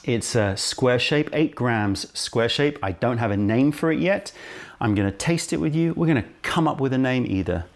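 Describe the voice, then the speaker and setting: A man presenting a casual tea-tasting vlog, highly caffeinated, chatty and full of self-interrupting asides, filmed on a camera right in front of his face. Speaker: tea shop owner and presenter.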